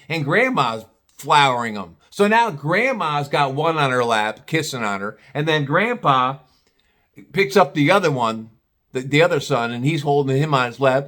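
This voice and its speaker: A man's voice: high-pitched, expressive, normal speed, a bit bright. A man telling an exasperated, profane story as a vlogger, with sarcastic asides.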